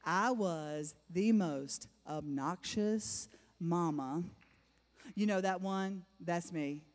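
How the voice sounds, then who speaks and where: A middle-aged woman with a lowish voice draws out her words while giving a personal testimony to a church congregation. She speaks emphatically, repeating phrases for effect, and a large hall's long reverb surrounds her.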